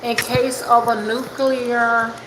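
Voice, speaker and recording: An older woman talks casually on a live stream, calling out viewers by name and chatting as she works at home. Her voice carries a roomy echo, and the steady hum of an air conditioner sits clearly underneath. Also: on the high side, takes it slowly. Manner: chatty, greets viewers by name while working with her hands. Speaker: rootworker hosting a livestream. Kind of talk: casual livestream chat greeting viewers. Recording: echoey room with air conditioning noise.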